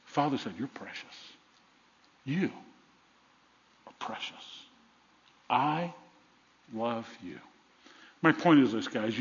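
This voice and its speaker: Older male preacher in a reverberant hall. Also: medium pitch. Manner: animated preaching, drops to soft whispers for tender lines. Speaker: pastor. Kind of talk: sermon. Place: church sanctuary. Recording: muffled sound with long reverb in a large hall.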